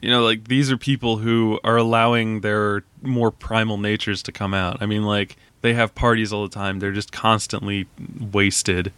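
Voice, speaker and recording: Podcast host, male, lowish voice, dry close sound, laughs easily and hedges his points. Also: level tone, normal speed, hardly any pauses, fairly bright tone, clean tone, dry recording. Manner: hesitant, laughs often, many fillers. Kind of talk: casual film discussion.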